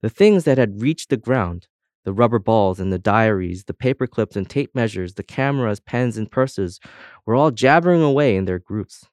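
A man narrating a children's storybook in an expressive storytelling manner. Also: lowish voice, normal speed, dry recording, studio quality. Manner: expressive storytelling, voices each object. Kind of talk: audiobook narration.

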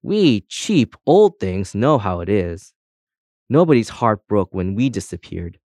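A man voicing Specs, a pair of old spectacles, in a storybook reading, with a low voice in a dry room. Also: very animated, unhurried, darkish tone, no echo. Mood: wistful. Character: cheerful old male spectacles, hopeful.

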